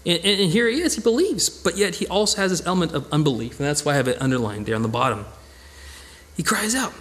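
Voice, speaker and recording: A man teaches a Bible study in a loose, conversational way, with a voice pitched somewhat high for a man. He talks earnestly and with animated emphasis, often restarting his sentences as he works through a passage. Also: fast.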